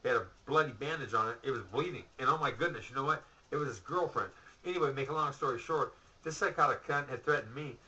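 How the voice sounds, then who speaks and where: A man's voice: mid-range voice, quick pace, pushed and bright, breathy edge, muffled recording. A man telling a rambling story in a profane, ranting monologue, full of asides and curses. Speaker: vlogger.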